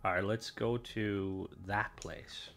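A man's voice: lowish voice, fairly even intonation, slow pace, gravelly, a bit bright, soft background music. A young Irish man chatting casually with viewers while streaming a game, rambling from one thought to the next. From Ireland.

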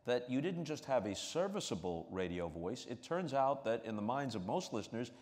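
A man interviewing a guest on stage, in a measured way with long framing questions. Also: mid-range voice, sing-song, darkish tone. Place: stage before a live audience. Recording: reverberant hall.

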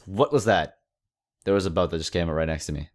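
A man giving excitable, jokey commentary while playing a video game, often yelping and exclaiming. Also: sits low, quick pace. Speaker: let's play host. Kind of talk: gameplay commentary.

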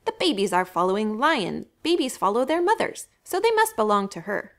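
A woman's voice: on the high side, sing-song, fairly quick. A woman voicing a matter-of-fact hyena in a children's storybook.

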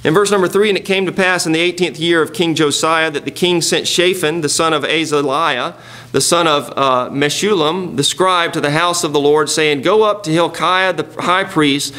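In a church sanctuary, a pastor preaches a sermon in a fairly high, sharp voice at a moderate pace. He reads scripture and speaks conversationally to the congregation, posing rhetorical questions.

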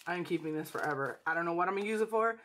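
A woman's voice: fairly low pitch, lively intonation, very fast, fairly bright tone, slight background noise. A young woman hosting a casual unboxing vlog, gushing and emotional, calling her viewers sis and y'all. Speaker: budgeting channel host.

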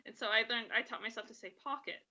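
A chatty woman podcast host from New York whose accent blends her native New York with a softened West Coast sound. She talks casually and pokes fun at herself as she tells her stories. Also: fairly high pitch, quick pace. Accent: mixed New York, West Coast.

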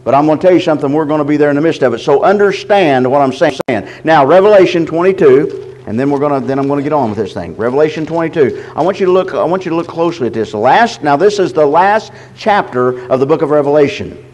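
High-voiced preacher, halting and deliberate. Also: male voice, expressive, darkish tone, low-quality recording. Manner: slow, deliberate scripture reading with frequent halting repeats. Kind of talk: sermon teaching.

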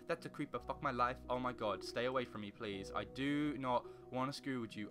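A young man commenting on his own gameplay in a rambling, excitable way, breaking into panicky yelps. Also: medium pitch, brisk, few pauses, music in the background. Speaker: gaming channel host. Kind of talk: casual let's play commentary.

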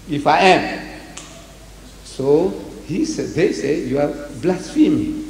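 Animated man lecturing in an echoey hall. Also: on the high side, slow, gravelly, pauses often. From South Africa. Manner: animated, rhetorical questions, acts out dialogue. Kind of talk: public lecture to a live audience. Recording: echoey hall with long reverb, faint noise.

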